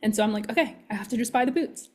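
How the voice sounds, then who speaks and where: A woman who works as a manifestation coach, telling an animated story in casual podcast chat and acting out her own thoughts. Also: a little high, racing.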